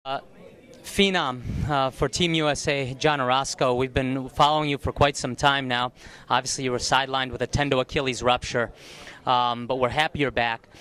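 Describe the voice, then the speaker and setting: A man's voice: medium pitch, fairly even intonation, normal speed, fairly bright tone, smooth. A man interviewing athletes after a competition, upbeat and playful in his questions. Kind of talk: post-competition sports interview. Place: competition arena.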